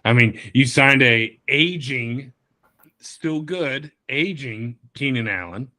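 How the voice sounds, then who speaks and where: A man's voice: medium pitch, expressive, slow pace, sharp tone. A man in his thirties hosting a podcast, rambling loosely in a casual chat over beers with some swearing. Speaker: podcast host.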